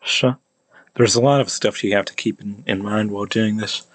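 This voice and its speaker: Low-voiced American man, slow and hesitant, drilling vowel sounds over and over; dry, close recording. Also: steady tone, no room sound. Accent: American English. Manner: hesitant, many restarts, repeats sounds over and over. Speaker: language hobbyist teaching pronunciation. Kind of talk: casual pronunciation practice video.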